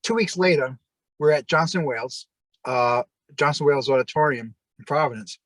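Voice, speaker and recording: A man, a former pro wrestler, tells a story in a fairly high voice, animated and profane, with his shouts acted out. The sound is dry, close and without room echo. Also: normal speed. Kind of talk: casual storytelling in an interview.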